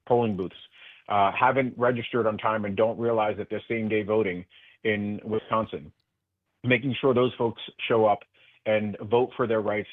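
A man guest on a political radio interview, talking earnestly with many halting restarts over a phone line. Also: on the low side, dry recording. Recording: tinny phone line, dry.

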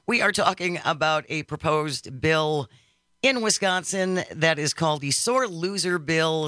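A man hosting a political talk radio show in a studio, reading listener texts with brisk sarcasm. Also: fairly high pitch, sharp tone, no room sound. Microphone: studio microphone.

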